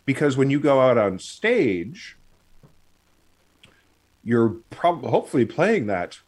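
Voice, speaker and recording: A man's voice: mid-range voice, big pitch swings, takes it slowly, a little mellow. A man co-hosting a casual chat on a video call, explaining with many fillers and restarts. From United States. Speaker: podcast co-host.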